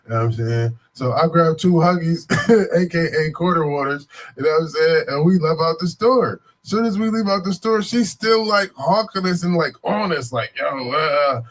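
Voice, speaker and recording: Animated, rambling male storyteller. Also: fairly high pitch, moderate pace. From Buffalo, New York. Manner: animated, digressive, frequent "you know what I'm saying" fillers. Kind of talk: casual spoken storytelling.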